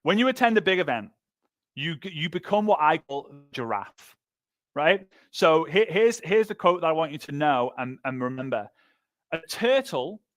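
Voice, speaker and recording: A man teaching a motivational marketing lesson on a livestream, energetic and punchy, repeating phrases for emphasis. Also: a little high, dry recording. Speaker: sales trainer. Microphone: livestream microphone.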